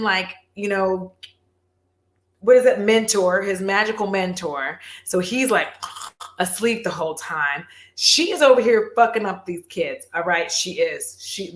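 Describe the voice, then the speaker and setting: A woman vlogger chatting casually on a livestream, animated, swearing and laughing often. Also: medium pitch, echoey room.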